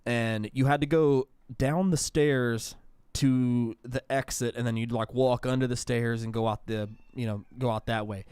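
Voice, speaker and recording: A man's voice: mid-range voice, steady tone, measured pace, hardly any pauses, darkish tone, clear, resonant tone, dry recording. A man co-hosting a podcast in casual chat, rambling and restarting his sentences often. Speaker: podcast co-host.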